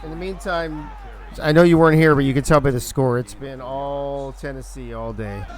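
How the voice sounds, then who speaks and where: Male stream host, mid pitch, chatty and joking, loose live talk. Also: steady tone, normal speed. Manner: chatty, joking, thinks aloud. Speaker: league organizer and stream host. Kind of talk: casual live-stream chat over a video game.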